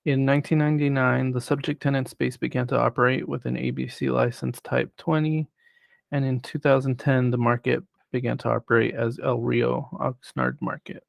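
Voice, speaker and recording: Gravelly man reading a staff report. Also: medium pitch, level tone, no room sound. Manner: measured, reads prepared remarks. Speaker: city planning staff presenter. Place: city council chamber.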